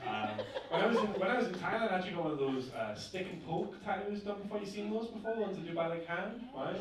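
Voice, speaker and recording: A young northern English man performs stand-up on a club stage, chatting with the crowd and asking "right?" after each point. He talks fast with lively intonation. The boomy room is heard from a distance, very echoey and noisy, with audience laughter.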